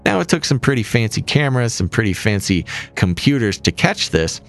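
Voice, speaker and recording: A man's voice: medium pitch, big pitch swings, fairly quick. A man co-hosting a podcast, explaining science topics in a playful, jokey way. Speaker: podcast co-host. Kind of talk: casual podcast chat.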